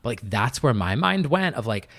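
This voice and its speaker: A man's voice: mid-range voice, big pitch swings, moderate pace, a bit bright. A young man chatting as a podcast guest, telling stories in a loose, filler-heavy way with lots of "like". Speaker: podcast guest, music producer. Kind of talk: casual interview chat.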